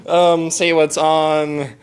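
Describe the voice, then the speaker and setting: A man's voice: fairly high pitch, flat delivery, drawn-out words, clean tone. A man goofing around as the host of a made-up show, rambling and giggling while he keeps sneezing. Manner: silly, giggly, rambling announcer voice. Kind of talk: goofy improvised chat.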